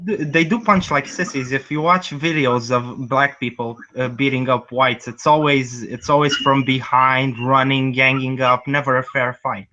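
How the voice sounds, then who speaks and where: A man talking as a guest in a casual online group chat, quick and stammering, with sarcastic quips. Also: medium pitch, steady tone, bright, forceful tone. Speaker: guest panelist. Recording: muffled lo-fi video-call audio.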